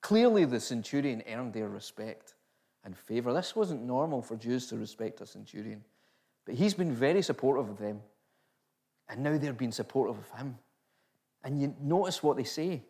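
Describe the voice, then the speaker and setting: A man's voice: mid-range voice, lively intonation, normal speed, warm tone. A man preaching a sermon, building emphasis through repeated rhetorical questions.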